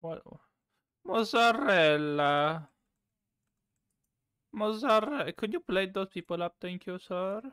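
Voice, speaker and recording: A man streaming a cooking game, chatting casually, swearing and suddenly shouting. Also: high-pitched, steady tone, moderate pace, hardly any pauses, smooth, no room sound, studio quality. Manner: chaotic, swears, bursts of shouting. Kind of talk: casual gameplay chat.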